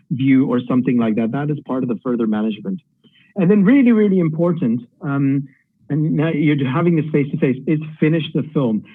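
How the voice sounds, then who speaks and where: A man's voice: medium pitch, no room sound, narrow, tinny audio. A middle-aged man from Pakistan, a radiology tutor giving direct exam advice in an online lecture, thinking aloud with fillers.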